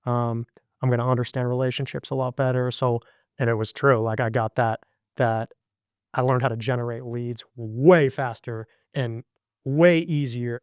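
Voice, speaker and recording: Smooth-voiced man chatting loosely. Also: mid-range voice, moderate pace, dry recording, clean studio sound. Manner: animated, filler-heavy storytelling with lots of likes. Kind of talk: casual podcast conversation.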